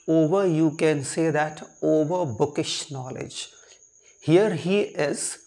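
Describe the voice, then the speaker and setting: Slow-paced male literature teacher, repetitive. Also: on the high side, a little mellow. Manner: repetitive, restarts phrases and spells out terms letter by letter. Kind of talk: lecture explaining a poem.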